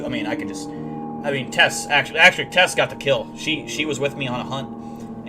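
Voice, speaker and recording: A young man hosting a livestream, telling deadpan, boastful tall tales in a rambling way full of fillers. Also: mid-range voice. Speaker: livestream host. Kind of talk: comedic in-character livestream storytelling.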